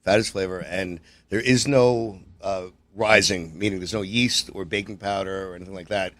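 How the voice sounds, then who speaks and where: A man's voice: sits low, steady tone, normal speed, fairly bright tone, dry recording. A man who is a chef, talking in a studio, friendly and joking, explaining his craft patiently. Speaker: chef and restaurant owner. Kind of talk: casual studio chat. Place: radio studio.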